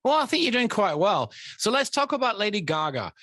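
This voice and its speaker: A man's voice: high-pitched, sing-song, a little fast, a bit bright, dry recording, studio quality. A man from the UK with a Manchester accent, hosting a casual interview and jumping in with questions. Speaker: host, radio presenter.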